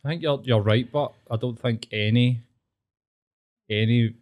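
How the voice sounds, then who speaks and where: A man's voice: medium pitch, phone-quality sound. Scottish host, young man, blunt sweary banter. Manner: blunt, sweary, quick talker. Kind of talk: casual chat.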